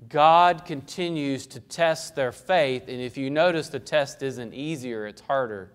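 A man's voice: medium pitch, measured pace, hardly any pauses, clear, resonant tone. A male pastor preaching an expository sermon in a conversational way, asking the congregation questions and acting out voices.

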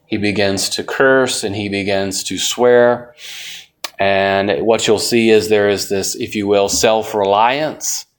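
A man leads a Bible study in a relaxed, folksy way. His voice sits a little low, and he keeps putting questions to the class as he goes. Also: slow pace, clear, resonant tone. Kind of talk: conversational Bible lesson.

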